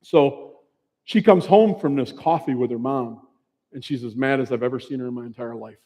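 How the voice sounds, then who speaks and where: A man's voice: medium pitch, moderate pace, warm tone. A man in his fifties, a bereaved father, telling his story in an earnest, conversational way as a personal testimony speech. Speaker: bereaved father giving a talk. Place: large presentation hall. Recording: long hall reverb.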